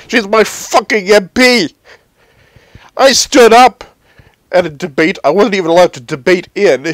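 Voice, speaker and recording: Comedian, male, unscripted personal monologue; gravelly texture, halting and profane, slow delivery. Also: high voice, fairly bright tone, no room sound, poor audio. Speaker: comedian telling a personal story.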